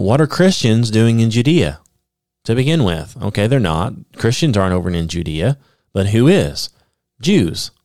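A man teaching the Bible on a podcast, explaining step by step with many "okay?" checks and reading scripture aloud slowly with emphasis. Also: fairly low pitch, darkish tone, dry recording, studio quality. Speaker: podcast preacher.

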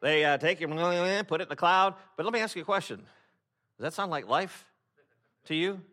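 A man's voice: on the high side, normal speed, bright, forceful tone. A man preaching a sermon to his congregation in a conversational, wry way, often breaking off and restarting his sentences. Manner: conversational, self-interrupting, wry. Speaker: pastor.

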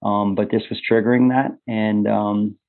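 A man's voice: lowish voice, little pitch movement, vocal fry. Earnest man on a narrow, phone-like line. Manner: earnest, halting with many fillers and restarts. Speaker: podcast guest. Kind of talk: candid conversational storytelling.

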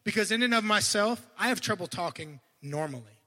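Brief: male preacher, very bright and sharp tone, animated delivery with loud bursts and hushed asides, stumbles and restarts. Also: sits high, a little fast, big-room sound. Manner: admits to stuttering and restarting. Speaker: guest preacher. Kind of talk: sermon.

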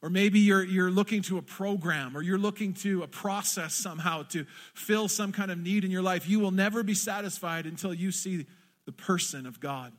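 A man's voice: high-pitched, normal speed. A man preaching a sermon to a congregation, passionately acting out quoted prayers. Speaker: pastor. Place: church in front of a congregation.

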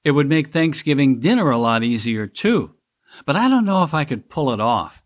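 A man's voice: fairly high pitch, big pitch swings, moderate pace. Man hosting a sarcastic political monologue. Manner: wry, sarcastic, mock voices for critics. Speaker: podcast host.

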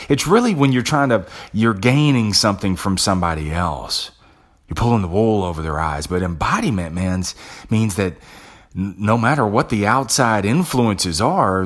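Husky low-voiced man, blunt and salty. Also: fairly bright tone. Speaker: podcast host and sales coach. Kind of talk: casual motivational monologue.

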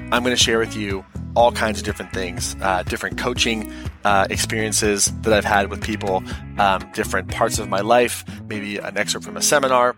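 Lowish-voiced guy doing an earnest podcast intro, guitar music under it. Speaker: podcast host. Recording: music bed behind the voice.

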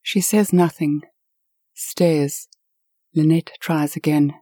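A woman tells a story with lively, expressive swells. Her voice sits fairly low, with a dark, slightly husky tone. The sound is close and dry. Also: unhurried, no room sound. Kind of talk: told story narration.

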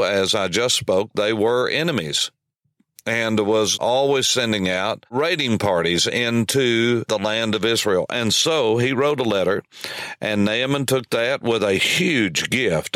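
A man's voice: fairly low pitch, slow, fairly bright tone, dry recording. A male preacher delivering a sermon, telling a story emphatically.

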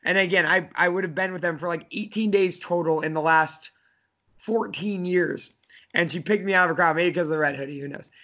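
A college soccer coach in his thirties chats casually on a podcast in a high, sharp-toned voice at a brisk pace. His talk rambles, full of fillers and restarts.

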